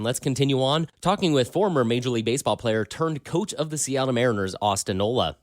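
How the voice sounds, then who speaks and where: A man's voice: mid-range voice, expressive, fast talker, hardly any pauses, soft background music. A man hosting a sports podcast, asking long, easygoing interview questions.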